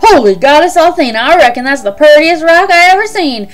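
Smug male card-sharp with a fake hillbilly drawl, voiced by a woman, folksy. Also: sits high, animated, a little fast, soft background music, pitched above the performer's own voice. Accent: put-on hillbilly drawl. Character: slick male gambler faking a hillbilly drawl. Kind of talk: let's play character voicing.

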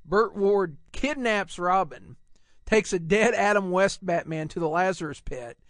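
A man's voice: high-pitched, animated, a little slow, a bit bright, dry recording, clean studio sound. A man co-hosting a podcast, telling stories animatedly and acting out characters with laughs. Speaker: podcast co-host. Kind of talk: casual chat.

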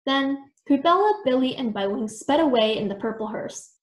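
A woman reads a children's book aloud in an expressive, animated storytime manner. Her voice sits fairly high. The recording has a roomy echo. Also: normal speed. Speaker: storytime reader.

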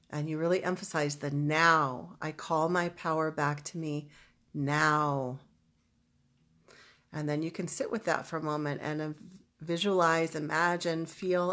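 Woman, low voice, spiritual teacher, slow soothing instruction, emphatic affirmations. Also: fairly bright tone. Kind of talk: guided energy practice instruction. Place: home, livestreamed online event. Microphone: webcam or computer mic.

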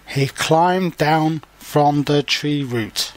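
A man's voice: on the high side, takes it slowly, pauses often, a bit bright. A man reading a children's picture book aloud for language learners and explaining it in simple words. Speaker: storybook reader and language teacher.

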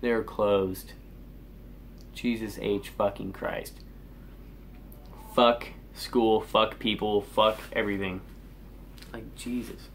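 A man's voice: fairly low pitch, level tone, takes it slowly, long pauses, a bit bright, a little hiss or hum. A teenage boy ranting angrily in a vlog, swearing constantly and sighing in exasperation. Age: teens. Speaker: vlogger.

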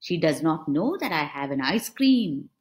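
A woman voicing a young male elephant in a storybook, talking himself out of being greedy and into sharing his ice cream, with excited exclamations. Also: sits low, a little slow. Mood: torn.

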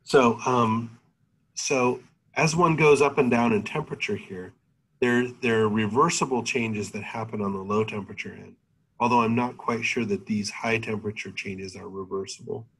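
A man with a low, husky voice teaches a university chemistry class through his computer mic on a video call. He thinks aloud as he goes, stopping often on fillers before he finds the next point. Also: moderate pace, fairly bright tone, poor audio. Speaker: chemistry lecturer.

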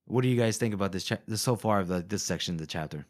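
A man's voice: on the low side, rapid-fire, no echo, studio quality. A young adult man co-hosting a podcast, casually recapping a book and laughing often. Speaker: podcast co-host.

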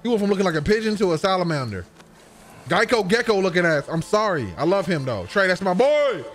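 Young guy gaming and reacting, high voice, loud excitable outbursts, swears a lot. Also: brisk, soft background music. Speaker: gamer reacting to a video game. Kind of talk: game reaction commentary.

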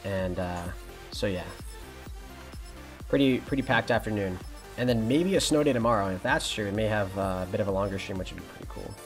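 A man's voice: fairly low pitch, brisk, faint music behind. A young man in college streaming a shooter game, chatting casually and answering his viewers' messages. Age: young adult. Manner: relaxed, chatty, reads and answers chat. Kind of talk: casual live-stream chat while playing.

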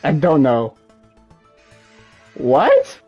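A young woman playing a co-op game, excitable and giggly, calling her partner bro. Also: low voice, extremely slow, lo-fi sound, faint music behind. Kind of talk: casual gaming chat.

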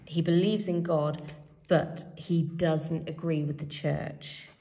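A woman leads an English revision tutorial, talking her students through her notes as she writes. Her voice sits low and mellow, with a gravelly fry, and she thinks aloud with plenty of ums as she reads from a help sheet. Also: steady tone, slow pace. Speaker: English teacher. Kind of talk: revision tutorial while writing.

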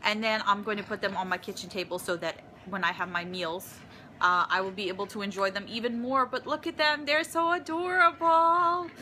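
Gushing, excited woman vlogger. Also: medium pitch, brisk, a little hiss or hum. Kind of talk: casual unboxing vlog. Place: her apartment, indoors.

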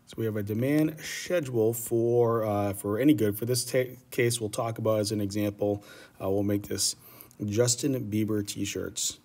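A man with a lowish, darkish voice teaches an economics lecture at a moderate pace. His style is casual and rambling, and he often checks in with "right?".

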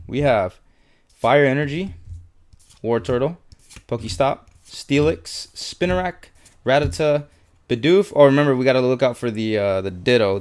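A young man in casual unboxing commentary, listing cards as he sorts them, swearing often and muttering his frustration. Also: mid-range voice. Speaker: YouTuber opening trading card packs.

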